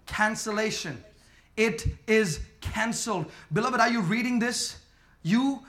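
A man preaching a sermon emphatically, using call and response, swinging between quiet talk and shouting. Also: sits high, normal speed. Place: church with congregation.

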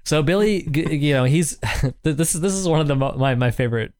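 A man's voice: fairly high pitch, expressive, brisk, darkish tone, clear, resonant tone, dry recording, studio quality. Stammering man eagerly retelling film scenes. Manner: stammering, restarting, laughing retelling. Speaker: podcast co-host. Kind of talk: casual film review chat.

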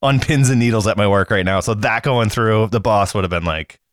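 A man's voice: on the low side, fairly quick, no room sound, clean studio sound. A man in casual chat, joking and telling his own story. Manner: joking, wisecracking.

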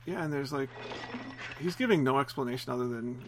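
A man's voice: medium pitch, a little fast, background noise. A man casually commenting on a film as it plays, explaining scenes and chuckling often. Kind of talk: casual watch-along commentary.

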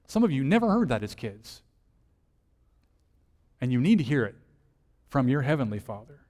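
A man's voice: mid-range voice, big pitch swings, normal speed, long pauses. Man preaching in a reverberant hall. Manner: conversational, rhetorical questions, swings from soft to emphatic. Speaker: lead minister. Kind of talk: sermon.

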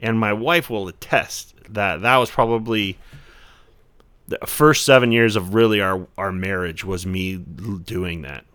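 A man in his forties, appearing as a podcast guest, talks casually and reflectively, rambling with plenty of "you know" fillers. His voice is on the low side, unhurried, fairly bright, and clean in tone.

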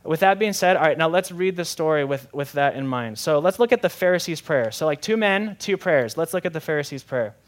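A young man preaching a sermon in a lively, conversational way, often asking the audience questions. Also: on the high side, fairly quick, few pauses. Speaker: pastor.

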